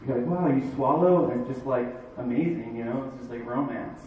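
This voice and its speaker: A man from Florida doing a stand-up comedy set in a dive bar, with a halting, rambling delivery full of fillers. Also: mid-range voice, level tone, dark tone, very echoey, recorded from a distance, highs cut off, slight background noise. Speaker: stand-up comic.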